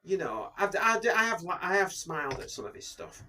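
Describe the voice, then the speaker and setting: A man bantering on a podcast, playful and quick to interrupt. His voice sits a bit high and swings widely in pitch. The tone is bright and forceful. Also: sing-song, slight background noise. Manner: jokey, interrupting, breaks into impersonations. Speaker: podcast co-host.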